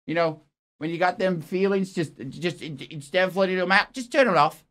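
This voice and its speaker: A man's voice: high-pitched, a little fast, a bit bright. Male comic anchor, foul-mouthed, flustered, keeps cutting himself off. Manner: profane, exasperated, rambling and self-interrupting. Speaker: comedy news anchor. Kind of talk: improvised comic news parody.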